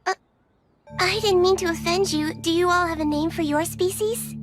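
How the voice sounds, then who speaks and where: A young witch heroine: very high, polite, earnest anime voice. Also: moderate pace, over music. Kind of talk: anime English dub.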